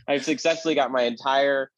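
A man's voice: medium pitch, steady tone, normal speed, muffled recording, slight background noise. Rambling man chatting about games. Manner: rambling, many fillers and restarts. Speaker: podcast co-host. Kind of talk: casual chat about video games. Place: apartment.

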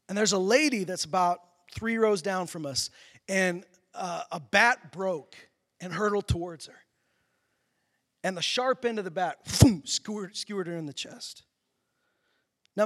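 High-voiced man preaching in a reverberant hall. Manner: storytelling, animated, laughs through anecdotes. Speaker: pastor. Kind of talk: sermon.

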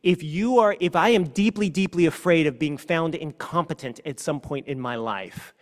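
A man preaching a sermon as a pastor, earnest, moving between hushed and forceful passages. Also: a little high, moderate pace. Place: church sanctuary. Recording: long reverb of a church hall.

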